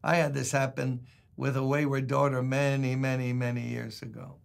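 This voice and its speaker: A man's voice: mid-range voice, little pitch movement, normal speed, creaky. An older man, a pastor, giving a conversational devotional sermon, telling folksy stories and reading scripture aloud.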